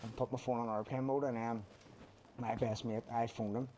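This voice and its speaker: A man's voice: mid-range voice, level tone, moderate pace, warm tone, a little hiss or hum. A man with a Northern Irish accent hosting a podcast, telling stories in casual, sweary chat. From Northern Ireland. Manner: sweary, storytelling. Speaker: podcast host.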